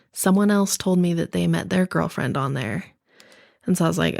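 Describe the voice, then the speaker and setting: A woman's voice: on the low side, normal speed, vocal fry, a little mellow, dry recording, studio quality. A young woman guest telling stories in casual chat, bubbly and laughing often. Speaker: podcast guest.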